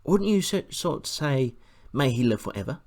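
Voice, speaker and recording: An eager, timid young boy with a raised, excitable voice, as a man puts him on in an audiobook. He sounds wide-eyed and quick to react. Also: on the high side, vocal fry, voice pushed up. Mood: shocked.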